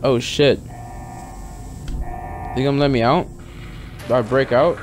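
A man's voice: mid-range voice, steady tone, slow, slight background noise. A young man casually commentating a video game he is playing, joking and swearing as he reacts. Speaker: gaming YouTuber. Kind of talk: casual let's-play commentary.

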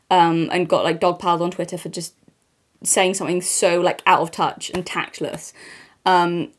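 A woman giving chatty, opinionated commentary on her channel, with frequent ums. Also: fairly low pitch. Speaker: commentary vlogger. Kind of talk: casual commentary.

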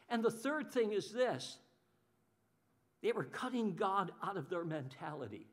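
A man preaches a sermon with a notably high voice for a man. He is animated and expressive, jumping into the voices of the people he describes. He often repeats a word or two before going on. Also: moderate pace. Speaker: pastor.

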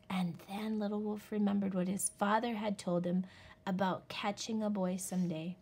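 A woman reading a picture book aloud in a slow, expressive storytelling voice. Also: mid-range voice, husky. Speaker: storybook reader.

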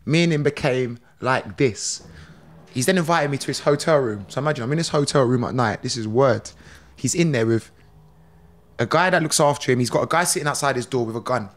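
A middle-aged man, a podcast guest telling stories in a lively, slangy way with laughs between lines. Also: mid-range voice, brisk. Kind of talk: animated storytelling.

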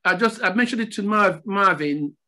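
An older man from Nigeria, a former footballer, telling stories as a podcast guest in a relaxed chat, often repeating his phrases. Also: high voice, moderate pace. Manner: repeats phrases, animated storytelling. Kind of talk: casual storytelling interview.

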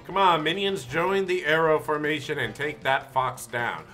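A man's voice: fairly high pitch, moderate pace, bright, forceful tone, faint music behind. A man voicing a smug, pompous male villain boss who taunts the hero, reading game dialogue aloud. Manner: mocking, pompous.

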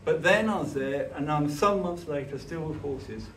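A man giving a conversational church talk, telling personal stories in an earnest, halting way with frequent restarts. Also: on the high side, a bit bright. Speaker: church speaker. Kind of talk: conversational sermon with personal storytelling. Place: church hall. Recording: echoey hall, distant mic, faint hiss.

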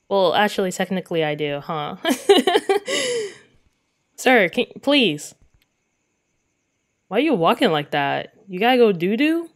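A woman's voice: medium pitch, big pitch swings, a little slow, long pauses. A woman giving let's play commentary on a game, giggly, often breaking into laughter and exclaiming in disgust. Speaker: gaming video creator.

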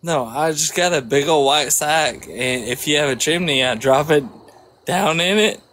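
A man in his thirties from Georgia with a Southern accent, chatting on a speed date in a cocky, teasing, deadpan way. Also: fairly high pitch, normal speed, a little hiss or hum. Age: 30s. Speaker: prank speed dater. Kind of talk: casual chat.

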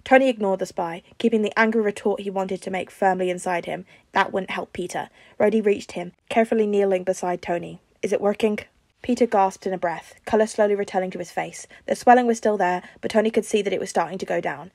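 A woman reads a fan fiction story aloud in an even, storytelling manner. Her voice sits at an ordinary middle pitch. The recording is close and dry, with no room sound. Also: fast, vocal fry, no room sound. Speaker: podfic reader.

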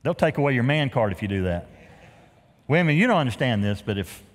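A middle-aged man preaching a sermon as pastor, folksy and joking, swinging from loud emphasis to hushed, quiet lows. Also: big pitch swings, a little fast. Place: large church sanctuary. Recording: reverberant church hall.

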